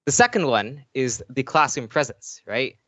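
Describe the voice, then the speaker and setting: A man's voice: mid-range voice, big pitch swings, normal speed, a bit bright, dry recording. A man presenting an award from his home desk in a casual, conversational way, often asking "right?" and using fillers. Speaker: programming instructor presenting an award. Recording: dry, dull lo-fi sound.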